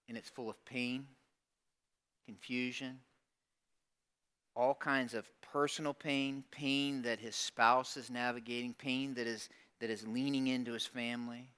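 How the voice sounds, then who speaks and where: Male pastor, bright and forceful tone, animated sermon delivery in church. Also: mid-range voice, smooth. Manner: animated preaching, acting out quoted voices, asking the congregation questions.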